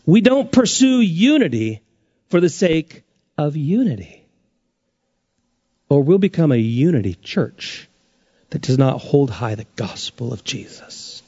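Male pastor, sermon, high lively voice, emphatic swings, dry dull recording. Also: unhurried, pauses often, husky, dry recording. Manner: animated preaching, pitch rising and dropping sharply for emphasis.

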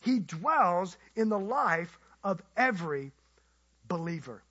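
A male guest preacher telling a story in an animated, conversational way and joking with the congregation. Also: high voice, takes it slowly, slightly rough, highs cut off. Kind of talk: storytelling sermon.

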